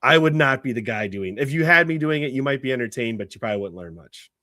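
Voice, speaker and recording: A man's voice: medium pitch, lively intonation, quick pace, bright, forceful tone, no room sound, clean studio sound. A man hosting a podcast in casual chat. He laughs often and restarts his sentences. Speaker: podcast host.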